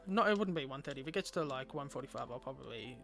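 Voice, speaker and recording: A man's voice: mid-range voice, animated, racing, vocal fry, fairly bright tone, soft background music. A man streaming a game, chatting casually with viewers and rambling aloud with lots of fillers.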